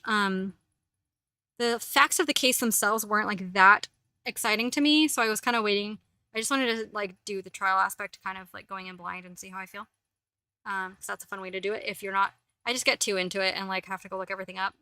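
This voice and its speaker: A woman's voice: medium pitch, steady tone, fairly quick, pushed and bright, clean tone, dry recording. A woman hosting a casual livestream, chatting in a rambling way full of fillers. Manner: rambling, filler-heavy talk. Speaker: host.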